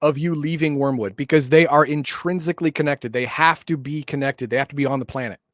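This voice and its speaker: A man's voice: a little high, fairly even intonation, a little fast, a bit bright, no echo, clean studio sound. A man co-hosting a casual chat, explaining tabletop game lore in a loose, hedging way. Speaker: podcast co-host.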